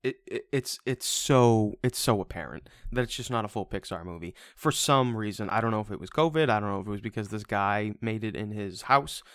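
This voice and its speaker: A man's voice: on the low side, a little fast, hardly any pauses, fairly bright tone, no echo, studio quality. A man in casual podcast chat reviewing a movie, rambling and stammering with frequent swearing. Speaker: podcast co-host.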